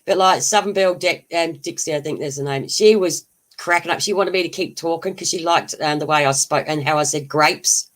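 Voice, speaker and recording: This streamer talks a little fast in a mid-range, somewhat bright voice, keeping things casual and rambling, answering the chat and laughing often.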